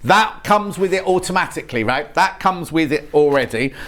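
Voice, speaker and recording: A man's voice: fairly high pitch, animated, moderate pace, fairly bright tone. A British man presenting products on a live shopping channel in a TV studio, chatty and rambling, with frequent restarts.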